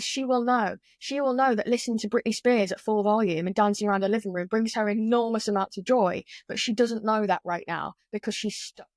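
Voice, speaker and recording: A woman talking as a guest on a podcast. She explains things in an animated, candid way and swears casually. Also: fairly high pitch, no room sound, studio quality. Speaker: guest, yoga teacher. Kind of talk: conversational podcast interview.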